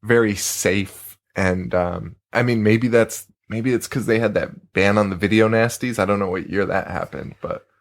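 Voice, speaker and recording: Low-voiced laughing male podcast host. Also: steady tone, normal speed, few pauses. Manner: laughs often while talking, loose and rambling; swears casually. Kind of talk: casual chat.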